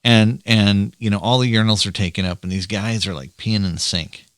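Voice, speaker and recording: Man, podcast host, lowish voice, dry close mic, rambling chatty storyteller. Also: fairly even intonation, fairly quick, fairly bright tone, dry recording. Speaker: podcast host, father of three girls. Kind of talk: casual chat.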